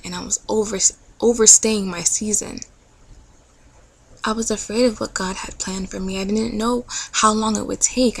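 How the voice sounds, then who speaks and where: A woman's voice: mid-range voice, vocal fry, husky, poor audio. A young adult woman telling an earnest, chatty personal story in a casual vlog, with many fillers. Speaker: vlogger.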